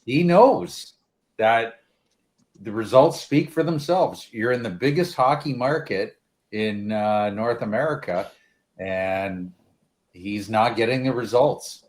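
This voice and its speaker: A man co-hosting a sports podcast, talking in a measured way and thinking his points through aloud. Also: mid-range voice. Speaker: podcast co-host. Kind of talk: casual sports talk.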